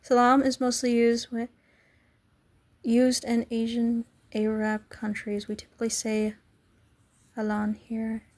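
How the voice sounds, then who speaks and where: A slightly high-voiced woman chats with her live viewers in an easy, unhurried way. She giggles often and playfully sounds out foreign words, asking whether she got them right. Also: completely flat delivery, darkish tone. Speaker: live streamer. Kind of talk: casual chat with live viewers.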